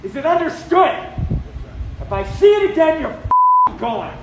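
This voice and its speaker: A man's voice: very high-pitched, very animated, a little slow. A man angrily berating his film crew with stern, clipped threats, caught on a leaked set recording. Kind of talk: angry rant. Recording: echoey, distant, noisy leaked set recording.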